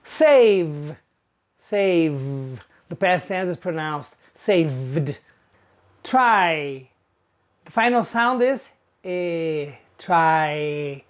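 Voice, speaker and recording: Female pronunciation teacher, very slow and careful, stretches each sound out for learners. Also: low voice, expressive. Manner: slow and deliberate, drawn-out example sounds. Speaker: English teacher.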